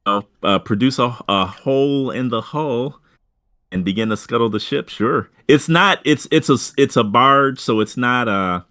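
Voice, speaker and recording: A man narrating a tabletop game as game master, halting, with many fillers and restarts. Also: medium pitch, sharp tone.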